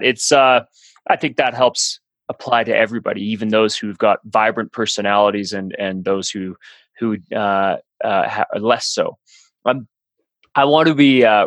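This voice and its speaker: Male podcast host, polite, measured questions, dry recording. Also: lowish voice, steady tone, fairly bright tone, no room sound. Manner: polite, measured, halting with fillers. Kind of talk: interview questions.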